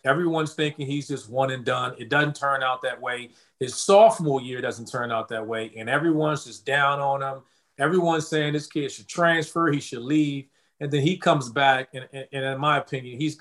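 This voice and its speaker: A man's voice: medium pitch, steady tone, normal speed, fairly bright tone. A man co-hosting a casual sports chat, speaking earnestly and laughing easily. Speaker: co-host.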